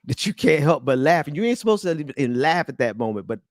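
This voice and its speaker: A man's voice: on the high side, sing-song, fast talker, dry recording, clean studio sound. Laughing, earnest male host. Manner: laughs often, earnest and rallying. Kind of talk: casual political chat.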